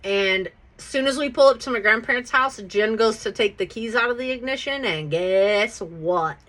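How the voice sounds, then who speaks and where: A woman hosting her own podcast, telling a personal story in a casual, profane, animated way and often checking in with "right?". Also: on the high side, moderate pace.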